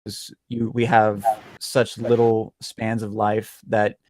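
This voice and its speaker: A man's voice: on the low side, completely flat delivery, slow, a little mellow, no room sound. A man hosting a gaming podcast, speaking earnestly and reflectively with small hesitations. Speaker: podcast host. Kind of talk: casual podcast chat.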